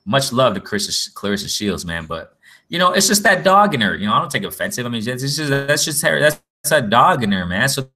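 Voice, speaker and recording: Rambling man with a bright voice. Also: medium pitch, very animated, quick pace. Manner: rambling, repeats "you know what I'm saying". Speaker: boxing vlogger. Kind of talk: casual chat.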